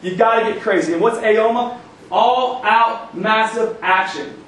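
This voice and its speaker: A young man giving an energetic, emphatic motivational talk as a guest speaker at a university event, often repeating phrases for effect. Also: sits high, unhurried. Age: young adult. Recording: echoey room, recorded from far off.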